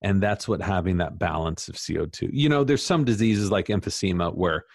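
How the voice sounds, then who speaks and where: Low-voiced man, animated and emphatic. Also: brisk, no echo, studio quality. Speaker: author guest. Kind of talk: casual interview chat.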